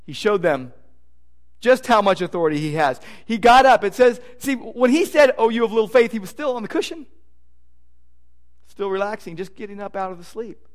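Pastor guy preaching, high voice, goes loud then soft, repeats himself a lot. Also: lively intonation, normal speed. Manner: emphatic preaching, repeats phrases, swings from loud to hushed. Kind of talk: sermon.

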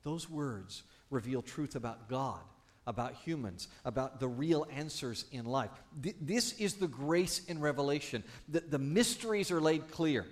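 Man, pastor, sermon, playful asides, slightly higher voice. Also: measured pace. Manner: animated, playful asides to the congregation.

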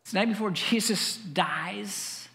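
A man's voice: sits high, unhurried, gravelly, sharp tone, big-room sound. A man preaching a sermon as pastor, conversational and wry, with asides and chuckles.

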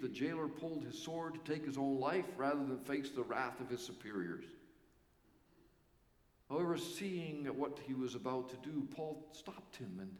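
A male pastor preaching a sermon with earnest emphasis and pauses that let key words land. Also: fairly high pitch, a little mellow. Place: church sanctuary. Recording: echoey church hall.

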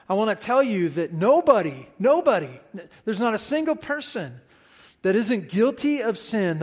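A man preaching a sermon as pastor, emphatic and animated, repeating words for stress and speaking straight to the congregation. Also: high-pitched. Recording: hall reverb.

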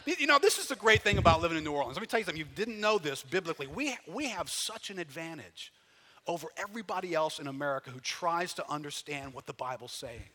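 Man, pastor, conversational sermon, rhetorical questions, forceful bright tone, church sanctuary. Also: a little high, expressive, quick pace. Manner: folksy, peppered with rhetorical questions, swells loud for emphasis. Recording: long hall reverb.

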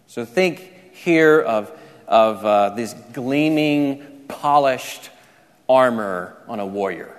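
A man's voice: mid-range voice, expressive, slow, clean tone. A man preaching a sermon, explaining scripture step by step and often restarting his sentences. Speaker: pastor. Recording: reverberant large hall.

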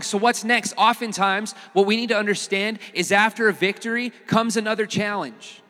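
Animated man preaching in a hall. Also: high voice, normal speed. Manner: casual, animated preaching with humor. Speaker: pastor. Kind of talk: sermon.

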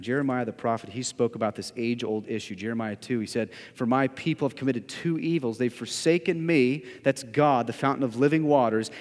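A male pastor preaching a sermon in a church, emphatic, swinging between loud declarations and hushed asides. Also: mid-range voice. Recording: long reverb of a large hall.

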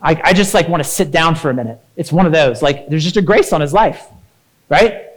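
A man in his thirties preaching a sermon in an energetic, conversational way, often checking in with "right?". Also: a little high, brisk, poor audio. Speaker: pastor.

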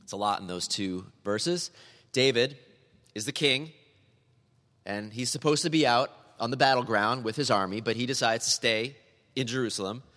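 A man's voice: mid-range voice, normal speed, fairly bright tone, long reverb tail. A man preaching a sermon in a church, earnest and building to emphatic, repeated appeals. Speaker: pastor.

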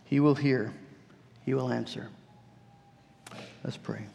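A man's voice: medium pitch, steady tone, takes it slowly, creaky, dark tone. A man preaching a sermon as pastor, earnest, with repeated words and phrases. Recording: long church reverb.

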